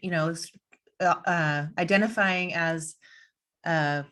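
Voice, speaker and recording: A woman's voice: on the low side, steady tone, slow, fairly bright tone. A middle-aged woman hosting a casual conversation, chatty and rambling, laughing easily as she tells stories. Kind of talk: casual chat.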